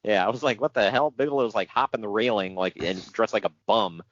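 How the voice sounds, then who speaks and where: A man's voice: on the low side, a little fast, no room sound, muffled recording. A man co-hosting a podcast, chatting casually about old wrestling news with sarcasm and frequent laughs. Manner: animated, sarcastic, laughs often. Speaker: podcast co-host.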